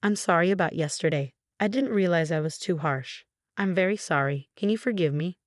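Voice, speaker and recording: A woman's voice: fairly low pitch, a little fast, no echo, clean studio sound, lightly acted. A woman voicing a scheming, cold mother-in-law in a narrated story, sweet-talking then defensive.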